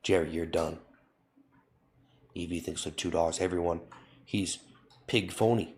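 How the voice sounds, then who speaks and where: A man with a fairly low voice, hosting a comedy live stream. He keeps scolding his chat over and over in a mock-stern tone. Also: fairly even intonation, a little slow, a little mellow. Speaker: livestreamer.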